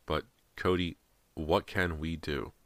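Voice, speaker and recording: Scared quiet teen girl in a spooky storybook, very low pitch, dry sound, as a man reads her. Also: fairly even intonation, slow, no echo, heavily acted. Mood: fearful. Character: frightened teenage girl.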